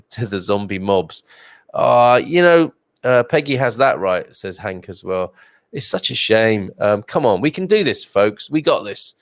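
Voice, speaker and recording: A male host with a lively, swooping delivery, reading viewer comments and wandering off into chatty asides. His voice sits at an ordinary pitch and sounds close and dry. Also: no echo. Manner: chatty, rambling, reads comments aloud with asides. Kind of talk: live-stream chat reading viewer comments.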